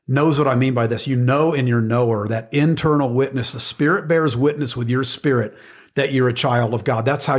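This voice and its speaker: Middle-aged man, plain mid-range voice, earnest conversational Bible teacher, emphatic with frequent restarts. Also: medium pitch. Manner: earnest, emphatic, repeats words while searching for phrasing.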